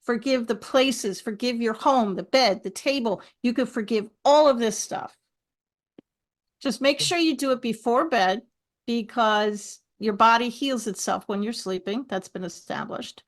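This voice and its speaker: Middle-aged woman, animated storyteller, slightly high voice, podcast guest. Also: measured pace. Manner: animated storyteller, lively asides. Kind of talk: podcast conversation.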